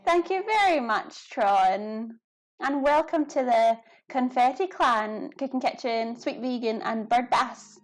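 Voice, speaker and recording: A woman's voice: on the high side, slow. A woman chatting casually to her viewers during a live cooking stream, giggling often.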